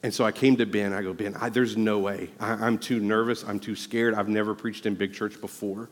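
A male pastor preaching a sermon, telling a personal story earnestly and rising to loud, emphatic exhortation. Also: fairly low pitch, steady tone, brisk, in a large hall.

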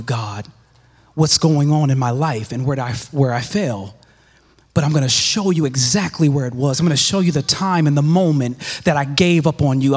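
Emphatic preacher man in a reverberant church. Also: slightly rough. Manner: emphatic, repeats phrases, drops to hushed lows. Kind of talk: sermon.

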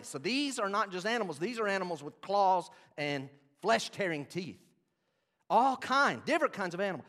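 A man's voice: high voice, animated, moderate pace, a bit bright. A man preaching a sermon as pastor, animatedly acting out the scripture scenes he teaches.

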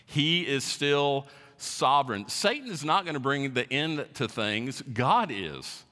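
A man preaches to his congregation in a church sanctuary, leaning hard on key words as he teaches verse by verse. His voice is bright and forceful, and it rings with a long hall reverb. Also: medium pitch, animated, slow pace. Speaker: pastor. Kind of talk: sermon.

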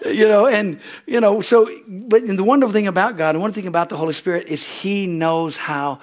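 An older man preaches from the pulpit, his fairly high voice rising and falling as he acts out conversations. He tells stories with humor and breaks into laughter along the way. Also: brisk, few pauses. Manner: animated storytelling, acts out dialogue, laughs often. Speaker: pastor. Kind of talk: sermon.

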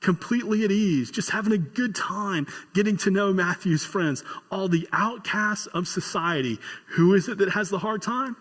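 A male pastor preaching a sermon with folksy humor and storytelling, building to excited emphasis. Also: sits high, moderate pace, hardly any pauses, big-room sound.

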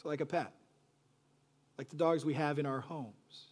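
Male pastor preaching, fairly high voice, dynamic delivery, hushed then loud. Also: normal speed. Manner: swings from soft, hushed lines to loud animated bursts; acts out quoted voices with pleading repetition. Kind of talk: sermon.

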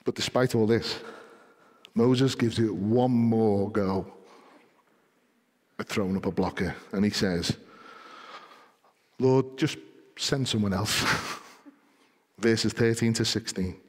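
A man's voice: fairly low pitch, steady tone, slow pace, pauses often, a little mellow, long reverb tail. A man preaching a sermon to his congregation, telling stories and building to emphatic appeals. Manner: storytelling, rising to emphatic exhortation. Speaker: pastor. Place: church.

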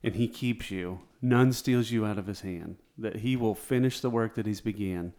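A man's voice: lowish voice, normal speed, a little mellow. A man co-hosting a casual Christian talk show, giving direct, affirming remarks. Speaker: co-host. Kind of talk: casual Bible discussion.

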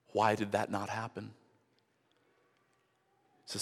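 A man with a low-pitched voice delivers a sermon from the pulpit. His voice rings out in the long reverb of a large church hall. He alternates between quiet, intimate passages and loud, driving emphasis. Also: little pitch movement, a little slow, gravelly, pauses often, breathy edge. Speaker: pastor.

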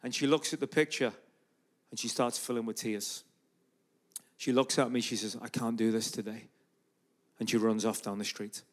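An Irish man with a mid-range voice speaks at a normal pace, pausing often. He's a guest preacher and street evangelist delivering a storytelling sermon in a church, animatedly acting out plenty of dialogue.

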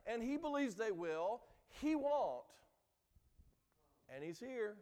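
A man's voice: high voice, expressive, normal speed, darkish tone. A man preaching a sermon as pastor, earnest and emphatic, recorded in a church. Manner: earnest preaching, acts out quoted lines with rising emphasis. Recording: long hall reverb.

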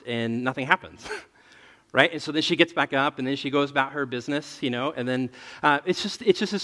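A man in his thirties, a pastor telling a family story in a relaxed, chatty sermon and often laughing at himself. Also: medium pitch. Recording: long reverb of a large hall.

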